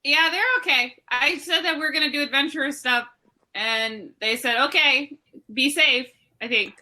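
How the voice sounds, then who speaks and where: Woman player, high and bright, giggly, rambling, in and out of character. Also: moderate pace. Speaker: tabletop game player. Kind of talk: casual tabletop role-play.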